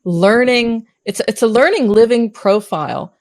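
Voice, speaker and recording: A woman hosting an interview podcast, asking questions in a lively, chatty way. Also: on the high side, measured pace. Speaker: podcast host.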